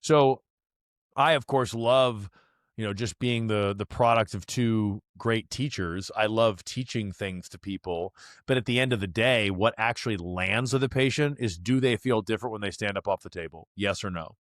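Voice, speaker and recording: A man's voice: fairly low pitch, normal speed, no echo, clean studio sound. A man who is a chiropractor and teacher, guesting on an interview show, talking casually and bluntly with the odd curse while he explains at length. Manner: blunt, swears casually, explains in long runs. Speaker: podcast guest, chiropractor and DNS instructor.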